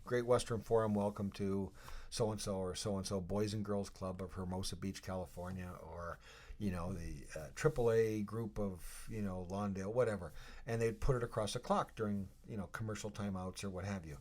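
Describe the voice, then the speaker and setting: A man in his fifties, a retired hockey player guest, telling stories in a rambling, animated way and laughing as he acts out scenes. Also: fairly low pitch, normal speed. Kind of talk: casual storytelling interview.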